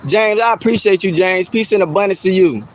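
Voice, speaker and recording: A man's voice: high voice, a little fast, low-quality recording. A man livestreaming outdoors in casual chat, teasing and laughing at his viewers and repeating himself for effect.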